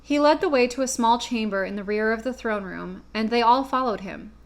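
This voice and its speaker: A woman from the US Midwest narrates a classic children's story in a steady, clear reading voice. Her voice sits a little on the high side. She reads at an even storytelling pace. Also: a little fast. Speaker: audiobook reader.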